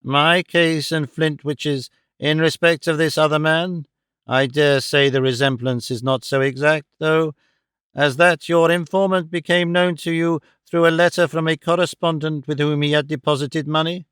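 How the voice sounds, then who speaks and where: A male audiobook reader voicing a stern, cold older mother who speaks in a severe, measured and reproachful way. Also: on the high side, level tone, a bit bright, smooth, dry recording, clean studio sound, lightly acted. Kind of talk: audiobook character voice.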